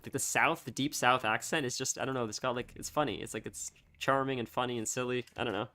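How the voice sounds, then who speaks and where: A young man chatting casually on a live stream, rambling and halting, full of fillers and restarts. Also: medium pitch, steady tone, sharp tone.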